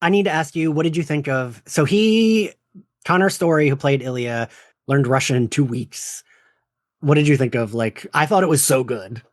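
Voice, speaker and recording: A man hosting a podcast in casual chat, animated and laughing often as he acts out quotes. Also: on the high side, normal speed, no room sound, clean studio sound. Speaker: podcast host.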